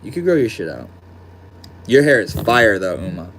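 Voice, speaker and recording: A man's voice: on the low side, very animated, moderate pace, a bit bright, slight background noise. A man live streaming from his desk at home, chatting casually and reading out viewer comments in a laid-back, slangy way. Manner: laid-back and slangy, calls people bro and dude.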